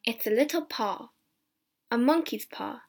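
A woman reading the part of a grave old male soldier who warns the others, in a slow, earnest storybook voice. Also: fairly high pitch, expressive. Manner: earnest, cautionary.

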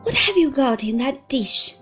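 A woman voicing an affectionate young husband who speaks tenderly and gently teases. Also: high voice, animated, a little slow, soft background music, voice pushed up. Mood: fond. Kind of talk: audiobook character reading.

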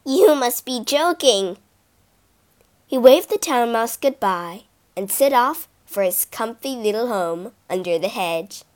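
Animated woman reading children's fables. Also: fairly high pitch, measured pace. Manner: expressive, animated. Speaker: storyteller. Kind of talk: storybook reading.

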